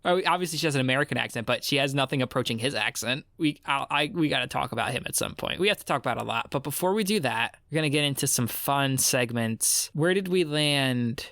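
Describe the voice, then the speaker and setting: A man's voice: medium pitch, animated, fast, hardly any pauses, sharp tone, no echo, clean studio sound. A man co-hosting a casual podcast chat, joking and teasing his friends. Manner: jokey, playful teasing. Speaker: podcast co-host.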